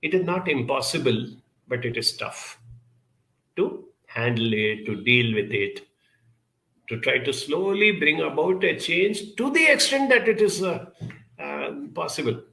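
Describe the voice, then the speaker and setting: A man answers audience questions in an earnest, measured advisory talk and stacks up his points one after another. His voice is bright and edged with a gravelly rasp. The sound carries a noticeable room echo. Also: a little high. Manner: measured, earnest, builds lists with many pauses and fillers. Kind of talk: advisory talk on relationships and emotions. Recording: echoey room.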